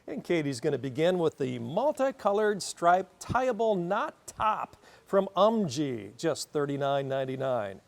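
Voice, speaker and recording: A man's voice: fairly high pitch, sing-song, a little slow, gravelly. A man hosting a local television segment, reading off products and prices in an upbeat, salesy patter. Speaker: host.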